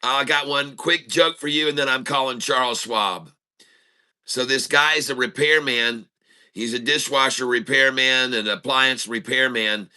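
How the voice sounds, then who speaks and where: A man's voice: medium pitch, measured pace, bright, forceful tone, clear, resonant tone, rough recording. A middle-aged man hosting a casual livestream, telling jokes and chuckling at his own punchlines. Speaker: host of a trading stream.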